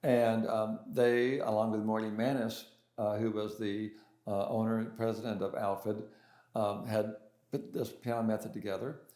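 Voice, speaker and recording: A man's voice: fairly low pitch, flat delivery, normal speed, warm tone. Older man telling stories in a roomy space. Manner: hesitant, many restarts and fillers. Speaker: interview guest, pianist and composer. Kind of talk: casual storytelling in an interview. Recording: roomy echo.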